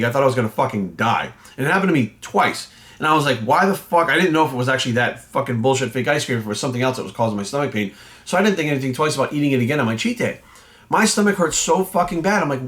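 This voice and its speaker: A fitness coach ranting bluntly and indignantly, swearing nonstop in casual talk. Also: male voice, medium pitch, a bit bright. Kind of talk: profanity-laced casual rant.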